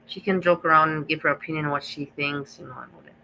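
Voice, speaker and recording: A woman's voice: low-pitched, fairly even intonation, fast, gravelly, bright, forceful tone, a little hiss or hum, poor audio. A woman hosting a live reaction stream, talking in a rambling, gossipy way that repeats itself and restarts often.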